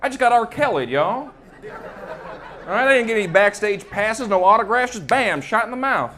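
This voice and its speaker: A man's voice: high-pitched, lively intonation, normal speed, sharp tone. A young man performing a stand-up set on a club stage into a handheld mic, chatty and working the crowd with frequent "right?". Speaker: stand-up comedian.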